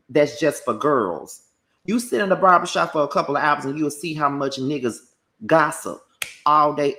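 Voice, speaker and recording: A man delivering a combative, profane commentary rant packed with rapid-fire rhetorical questions. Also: fairly high pitch, vocal fry, fairly bright tone. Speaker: commentary YouTuber.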